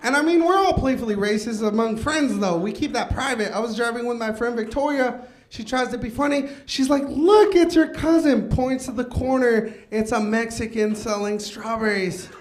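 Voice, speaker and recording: Male stand-up, very high pitch, dry wry punchlines. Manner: brisk, wry punchline delivery. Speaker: stand-up comedian. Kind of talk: stand-up set.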